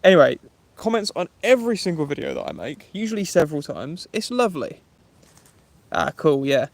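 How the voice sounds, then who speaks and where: A friendly young man with an Essex English accent talks casually on a live stream, greeting viewers by name. His voice sits a touch high for a man. He speaks outdoors from a woodland campsite. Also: huge pitch swings, a little fast, vocal fry, no room sound. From England. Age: 20s. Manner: chatty, friendly, reads viewer names aloud. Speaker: vlogger. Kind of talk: live-stream chat, reading comments.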